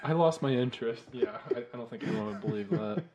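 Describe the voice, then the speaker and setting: A man's voice: mid-range voice, lively intonation, fast, crowd noise. A man telling crude stories in a casual podcast chat, rambling and laughing as he goes.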